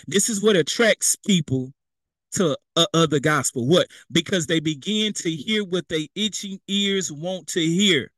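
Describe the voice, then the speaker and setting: A man's voice: a little high, fairly bright tone, dry recording. A young man preaching a sermon, talking plainly and conversationally, slipping into casual street phrasing and acting out what people say. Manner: conversational preaching with vernacular asides and quoted voices.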